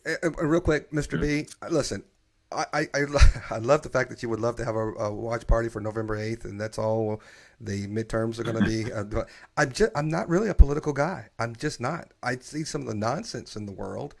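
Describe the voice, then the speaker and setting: Gravelly guy hosting a live podcast, worked up, keeps restarting his sentences. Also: medium pitch, fairly quick. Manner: animated, opinionated, many restarts. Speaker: podcast host. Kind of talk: casual live-stream chat.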